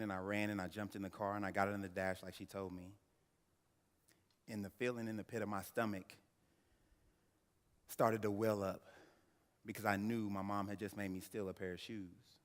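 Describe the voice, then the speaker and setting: A man in his thirties, an attorney and guest speaker, telling his personal story at an event with earnest, slow, emphatic phrasing. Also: on the low side. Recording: reverberant hall.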